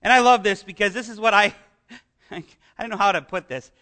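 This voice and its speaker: A middle-aged male pastor preaching a sermon to his congregation in an animated, conversational way, full of rhetorical questions. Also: sits high, brisk.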